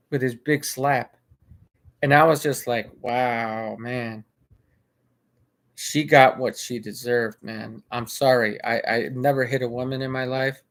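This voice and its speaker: A man's voice: mid-range voice, steady tone, slow pace, long pauses. A man casually recounting a video he watched, rambling, restarting his sentences and repeating himself. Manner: rambling with frequent restarts and filler. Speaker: vlogger. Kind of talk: casual spoken commentary.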